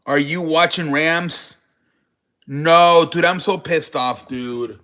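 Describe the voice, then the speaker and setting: Bright-voiced man ranting on a sports stream. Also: a little high, slow. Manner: rambling, profane, talks to chat viewers. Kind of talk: casual live-stream sports chat.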